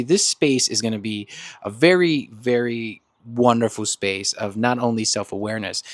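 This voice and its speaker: A man's voice: medium pitch, dry recording. Dry-voiced man talking self-help. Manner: animated, acts out quoted friends in slangy voices; laughs often between points. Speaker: podcast host. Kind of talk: casual self-help monologue.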